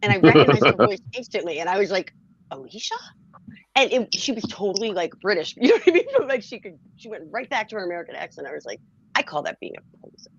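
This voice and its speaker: A woman's voice: medium pitch, quick pace, gravelly, highs cut off. A woman from Philadelphia with a faint Philly accent, chatting casually and telling stories with laughs mixed in. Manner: animated storyteller, laughs between lines. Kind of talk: casual chat.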